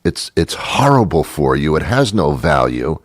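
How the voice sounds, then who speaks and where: Deep-voiced man hosting a talk show. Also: very animated, unhurried, no room sound, clean studio sound. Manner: sardonic, acts out both sides of imagined dialogues. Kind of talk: comedic monologue and interview.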